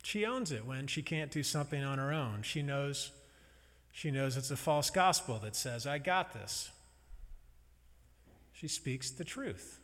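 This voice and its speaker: A male pastor delivers his sermon in a conversational, wry and reflective manner. His voice sits at a middle pitch, and a long hall reverb trails each phrase. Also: animated, normal speed, fairly bright tone.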